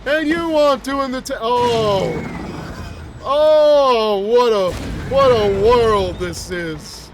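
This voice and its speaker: A man's voice: extremely high pitch, slow pace, noisy background. A man voicing a cranky, rambling old man who is a mutated flower-headed monster, grumbling and groaning as he complains. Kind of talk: gameplay roleplay commentary.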